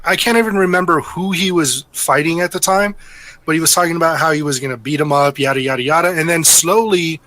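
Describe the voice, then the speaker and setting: A man with a bright, somewhat high voice co-hosting a podcast. He tells stories in a relaxed, rambling manner. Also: fast. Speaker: podcast co-host. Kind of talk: casual chat, storytelling.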